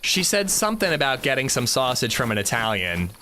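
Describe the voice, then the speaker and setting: A man streaming a game, chatting in a relaxed way and answering his chat. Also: mid-range voice, a little fast, a little hiss or hum. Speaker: gaming streamer. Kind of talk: casual livestream chat. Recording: game ambience loud behind voice.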